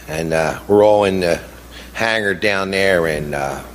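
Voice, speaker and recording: A middle-aged man speaking as a grieving father in an impassioned speech, halting with fillers at times and indignant at others. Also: deep voice, a little hiss or hum. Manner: indignant, rising to heated outbursts. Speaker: grieving father giving a talk.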